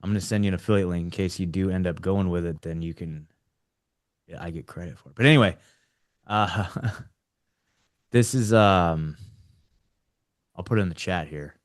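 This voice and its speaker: A man's voice: sits low, normal speed, pauses often. A young adult man hosting a casual roundtable chat, rambling with frequent restarts, often saying like and dude. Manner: rambling, laughing, restarts a lot. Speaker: podcast host.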